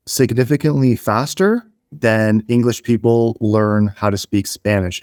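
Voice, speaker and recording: A man's voice: medium pitch, darkish tone, no echo. Chatty man on a dry podcast mic. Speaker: podcast co-host. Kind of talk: casual podcast chat.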